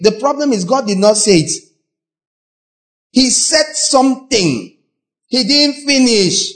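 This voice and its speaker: Nigerian pastor man preaching, high-ish voice, acts stuff out, shouts now and then. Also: a little slow. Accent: Nigerian English. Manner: animated, acts out voices and mocks, sudden shouts. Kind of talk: sermon.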